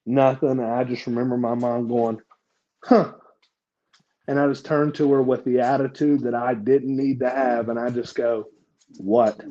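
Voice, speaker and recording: A man's voice: medium pitch, warm tone, dull audio. A young man telling a personal story casually as a podcast guest, profane and self-mocking, with lots of fillers.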